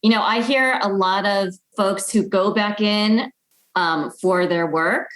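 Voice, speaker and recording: A woman's voice: mid-range voice, slow pace, a bit bright. Reflective woman interviewer. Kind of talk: conversational podcast interview.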